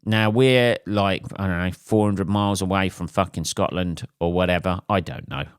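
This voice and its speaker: A deep-voiced English man hosts his own comedy podcast alone. He talks in a loose, sweary, self-deprecating ramble full of ums and side tangents. The sound is close and dry with no room around it. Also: normal speed, clean tone, no room sound. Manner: profane, self-mocking storytelling with frequent fillers. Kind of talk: rambling solo podcast monologue. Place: at home late at night after a gig.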